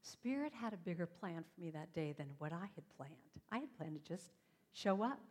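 A woman's voice: on the low side, expressive, normal speed, darkish tone, husky, long reverb tail. A woman giving an inspirational talk on stage, telling her stories animatedly and acting out the voices in them. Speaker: inspirational speaker. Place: stage before a live audience.

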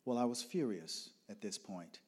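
A man telling a personal story dramatically, moving from loud outbursts to hushed whispers. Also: on the low side, normal speed, breathy edge.

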